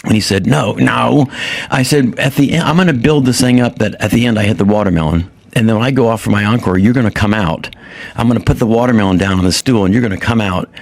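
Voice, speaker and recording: A middle-aged man, a comedian guest, telling a story in an animated, halting way with many restarts. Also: fairly low pitch, gravelly. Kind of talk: casual storytelling.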